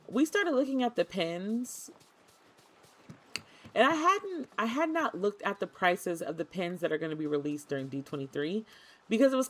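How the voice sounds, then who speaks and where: A woman streamer chatting casually and excitedly to her viewers while she plays a cozy game, often talking to the game itself. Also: on the low side. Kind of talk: casual gaming stream chat.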